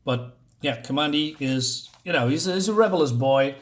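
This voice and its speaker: A man casually reviewing a comic book, paging through it while pausing often to search for words. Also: on the high side. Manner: halting, searches for words, many fillers.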